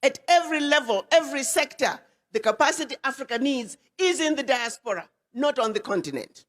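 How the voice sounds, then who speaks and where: Woman ambassador giving a public speech. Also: high voice. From Ghana. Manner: emphatic, repeats words for weight. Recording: long hall reverb.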